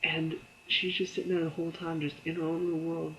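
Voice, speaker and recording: Man with a gravelly, slightly high voice. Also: little pitch movement, brisk, few pauses, sharp tone, slight background noise, low-quality recording. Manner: chatty, many fillers, laughs while retelling scenes; briefly acts out characters' lines in quotes. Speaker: TV episode reviewer. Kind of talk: casual spoken review.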